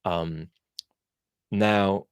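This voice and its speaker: A man's voice: low voice, fairly even intonation, extremely slow, clear, resonant tone, dry recording, clean studio sound. A man born in Russia hosting a live question-and-answer chat, thinking aloud and answering viewers with frequent ums and restarts. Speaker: host.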